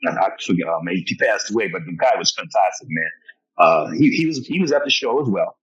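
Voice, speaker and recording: A man's voice: low-pitched, animated, a little fast, fairly bright tone, breathy edge. A man telling stories as a podcast interview guest, acting out other people's lines and chuckling often. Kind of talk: animated storytelling in a podcast interview. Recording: dull lo-fi podcast audio.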